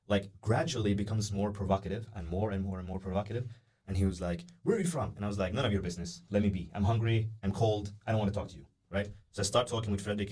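Fast-talking young man telling a story. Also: lowish voice. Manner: animated, acts out the voices of people in his story; many "uh" and "like" fillers. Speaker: podcast guest. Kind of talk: casual storytelling.

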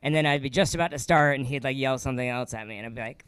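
Rambling comedian man, smooth dry voice. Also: fairly high pitch, dry recording. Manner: rambling, filler-heavy, quick laughs. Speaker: stand-up comedian. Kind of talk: casual chat, storytelling.

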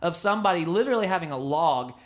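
Man, 30s, animated storyteller, casual chat co-host. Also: fairly high pitch, fast. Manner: animated storyteller, acts out quotes. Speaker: podcast co-host.

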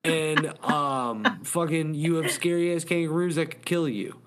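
A man from Missouri hosting a casual podcast, teasing and swearing through animated banter. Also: on the high side, a little slow. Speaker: podcast host.

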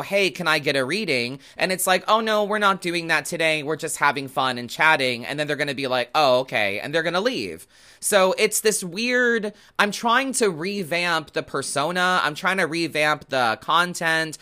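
A man hosting a tarot podcast, talking in a casual, animated, sarcastic rant full of swearing. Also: fairly high pitch. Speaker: tarot reader and podcast host. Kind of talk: casual ranting chat.

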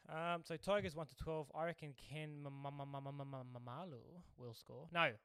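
An Australian man co-hosting a podcast, telling stories in a casual, animated way and getting worked up as he talks. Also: on the high side, clear, resonant tone, dry recording, studio quality. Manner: animated storytelling, quick to anger. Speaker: podcast co-host. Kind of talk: casual chat.

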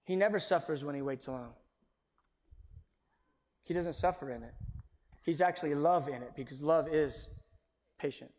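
Animated high-voiced preacher in a reverberant hall. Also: male voice, normal speed, pauses often. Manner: animated, swings between loud emphasis and near-whispers. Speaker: pastor. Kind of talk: sermon. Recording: long reverb of a large hall.

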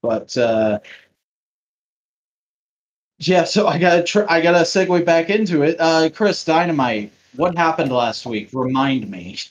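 A man co-hosting a podcast in casual chat, excitable and swearing freely. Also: fairly high pitch, unhurried. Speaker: podcast co-host.

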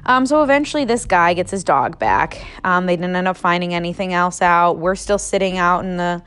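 A woman's voice: lowish voice, animated, brisk, a bit bright, clean tone. A young adult woman casually telling a story on a podcast, filling her talk with "like" and swearing freely. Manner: chatty, heavy use of "like", swears freely.

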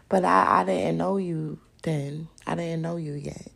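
Female podcast host, gravelly rasp, blunt and profane, animated straight-to-listener rant. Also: lowish voice, moderate pace, hardly any pauses. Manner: animated, laughs often. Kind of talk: casual chat, open discussion monologue.

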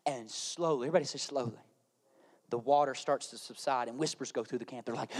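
A man's voice: sits high, a little fast, a little mellow. A man preaching a sermon, acting out voices and repeating phrases for effect. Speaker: pastor. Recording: faint music behind.

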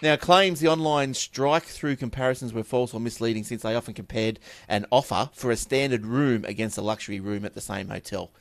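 A man's voice: medium pitch, fairly quick, hardly any pauses, dry recording. Chatty Australian man reading tech news. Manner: chatty, offhand asides and repeated words. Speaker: tech podcast host reading news stories. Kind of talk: casual chat and news reading.

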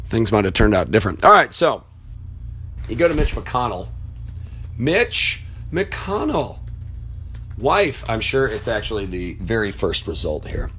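A man's voice: fairly low pitch, big pitch swings, moderate pace, a bit bright, husky. A man giving a profane political rant, blunt and heated, who rambles as he searches online at his computer. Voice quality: blunt and heated, swears freely. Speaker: political commentator.

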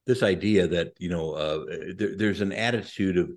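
A man's voice: low voice, normal speed. A middle-aged man, a Catholic priest, talking through ideas on a podcast and acting out imagined inner voices to explain them. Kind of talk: casual podcast discussion on faith.

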